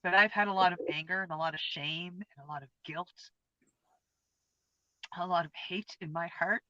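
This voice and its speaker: A woman's voice: on the low side, moderate pace, bright, forceful tone, no echo. A woman in her fifties co-hosting a casual chat, telling a personal experience in an earnest, open, heartfelt way. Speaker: co-host. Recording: dull lo-fi, dry sound.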